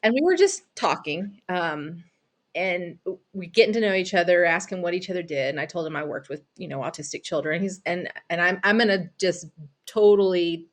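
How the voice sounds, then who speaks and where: Animated, blunt woman podcast co-host. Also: lowish voice, moderate pace. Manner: animated storyteller, blunt and exasperated. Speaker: behavior analyst and podcast co-host. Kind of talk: casual podcast chat.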